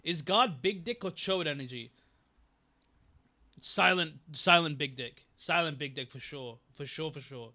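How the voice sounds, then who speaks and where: High, bright-voiced young man streaming. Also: unhurried. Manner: rambling, distracted, reads chat aloud. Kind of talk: casual livestream chat.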